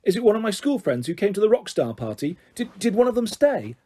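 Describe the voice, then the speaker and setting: An anxious young boy, as a male reader puts him on, pitched high and eager, tripping over his words. The voice has a husky edge and lively, swooping pitch, fitting a children's audiobook. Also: normal speed. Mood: pleading. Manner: eager, pleading, stammering. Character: young boy, self-centred, anxious birthday boy.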